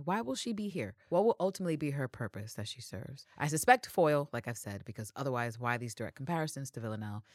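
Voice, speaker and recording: A woman co-hosting a casual podcast chat, speculating in an animated way and swearing freely. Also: rumbling low, no room sound, studio quality. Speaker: podcast co-host.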